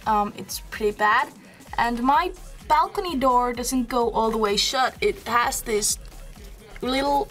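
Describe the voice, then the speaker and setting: A young woman vlogger chats casually to her camera at home, indoors by a balcony door, recorded on the camera mic. Her voice is fairly high and fairly bright, and she's giggly and swears casually.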